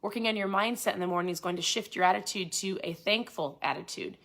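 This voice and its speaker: A woman's voice: medium pitch, fast talker, fairly bright tone. A woman hosting a lifestyle channel, chatting casually and animatedly about a motivational book. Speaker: host of a keto lifestyle channel.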